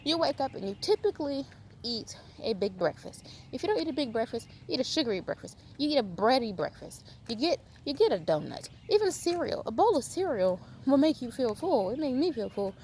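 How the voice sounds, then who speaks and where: A woman's voice: sits high, very animated, a little fast, a little mellow, a little hiss or hum. A woman talking straight to the camera in an emphatic, scolding way, firing rhetorical questions at her viewers in a vlog. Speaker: video host. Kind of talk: animated lecturing vlog.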